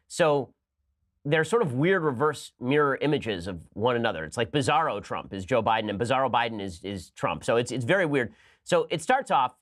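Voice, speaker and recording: A man hosting a political commentary show, talking fast and sarcastically and breaking into laughs. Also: mid-range voice, fairly bright tone. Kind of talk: casual comic commentary.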